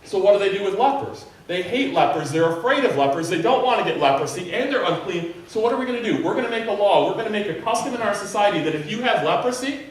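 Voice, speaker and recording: High-voiced preacher man in an echoey hall. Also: fast talker, few pauses. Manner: animated preaching, acting out a desperate leper's plea. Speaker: pastor. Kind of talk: sermon. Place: church sanctuary. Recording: very echoey hall, mic at a distance.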